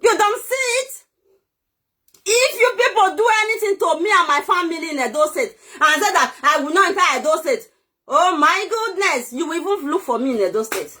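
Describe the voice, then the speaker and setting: A woman with a Nigerian accent delivering a loud, scolding rant to the camera, swinging between shouting and low muttering. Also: lively intonation, a little fast. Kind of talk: ranting monologue to camera.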